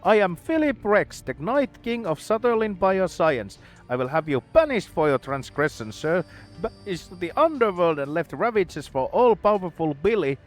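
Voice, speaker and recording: Man voicing a high, loud, unhinged young scientist for a game read-aloud; grandiose ranting, lively pitch, faint music behind. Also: moderate pace. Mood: outraged ranting.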